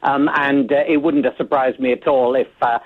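Husky man on a tinny phone line. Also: mid-range voice, fairly even intonation. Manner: measured, thoughtful, many hesitations. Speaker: foreign correspondent. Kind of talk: phone-in news analysis.

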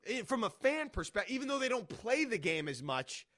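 A man from Boston talks sports on the radio in a high, bright voice. He rambles through his points, circling back with quick asides and restarts. This is loose sports talk. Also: sing-song.

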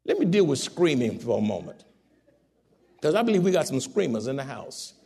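A man preaching a sermon, swinging from loud exhortation to soft, low asides. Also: big pitch swings, a little fast, husky.

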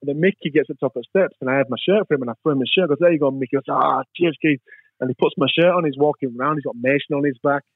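A man's voice: a little high, very fast, hardly any pauses, breathy edge, no room sound. A man telling rambling anecdotes in an interview and acting out the voices of people in his stories. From England. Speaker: interview guest. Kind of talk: storytelling in a casual interview. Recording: dry, tinny phone-like sound.

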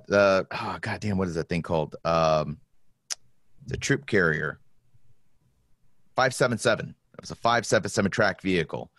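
A man in his forties hosts a casual podcast and tells his stories with a lively, swooping voice, slipping into high, exaggerated voices for the people he quotes. The sound is dry and close, with no room around it. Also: normal speed, long pauses, dry recording. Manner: animated storyteller, acts out quotes in high voices. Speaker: podcast host.

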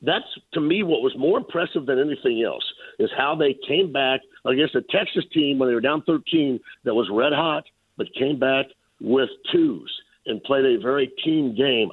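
A man calling in as a sports radio guest, slightly hoarse and losing his voice, giving steady analysis with fillers. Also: medium pitch, moderate pace, no echo. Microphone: phone. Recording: tinny phone line.

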